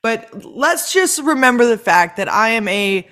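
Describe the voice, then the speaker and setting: A woman from North Dakota hosting a podcast, telling a story in casual roundtable chat with lively, swearing delivery. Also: on the high side, measured pace. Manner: animated storytelling, swears freely. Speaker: podcast host.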